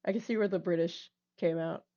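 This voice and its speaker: A woman's voice: fairly low pitch, a little fast, warm tone. Giggly, rambling woman on a muffled recording. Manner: rambling, giggly, self-correcting. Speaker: roleplay partner. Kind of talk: casual chat during voice roleplay.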